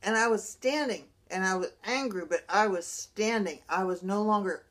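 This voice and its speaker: A middle-aged brain injury survivor talks sincerely to the camera about recovering, her mid-range voice slightly bright. Her speech is halting, and she often goes back to restart what she was saying.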